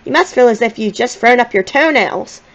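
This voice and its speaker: A woman doing a calm, kindly school secretary. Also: a little high, a little fast, muffled recording. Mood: reassuring. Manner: calm, matter-of-fact, cheerful.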